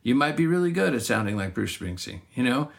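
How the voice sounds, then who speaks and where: A man's voice: medium pitch, big pitch swings, fairly quick, gravelly. A middle-aged man, a singer-songwriter, chatting casually and reflectively about his craft, often restarting his sentences. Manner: reflective, rambling, frequent restarts. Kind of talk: casual conversation.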